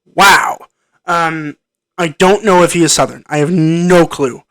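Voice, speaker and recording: Here the reviewer's voice sits on the high side, unhurried and a bit bright, with no echo. He rambles through an offhand movie review into a computer mic, stopping and restarting often with frequent ums.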